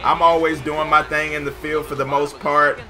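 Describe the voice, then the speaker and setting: A young man giving jokey, excited commentary over his own baseball video game play, shouting at big plays. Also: a little high, normal speed, faint music behind. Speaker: gameplay commentator.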